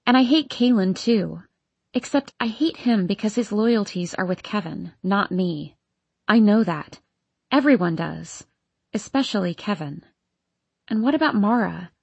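A woman's voice: mid-range voice, expressive, unhurried, gravelly, breathy edge, dry recording. A woman narrating a first-person teen novel in an audiobook, reading in an emotional, intense way. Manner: emotional, intense, voicing an upset teenage girl.

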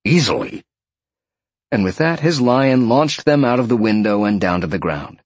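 A man narrating an audiobook in a lively storytelling way. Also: mid-range voice, normal speed, dry recording.

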